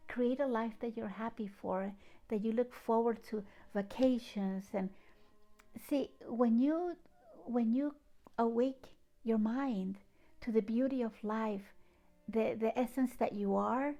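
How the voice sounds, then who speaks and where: A woman with a foreign accent giving a gentle, heartfelt inspirational talk and reading a poem, with soft hushed asides. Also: a little high, a little slow, soft background music. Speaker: spiritual channel host.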